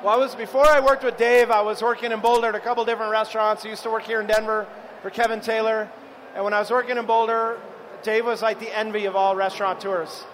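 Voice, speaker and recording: A man's voice: high voice, level tone, fast talker, fairly bright tone, slight background noise, low-quality recording. A man, a chef, giving a live cooking demo to an audience, chatting and telling stories as he cooks. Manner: chatty, storytelling, addresses the audience.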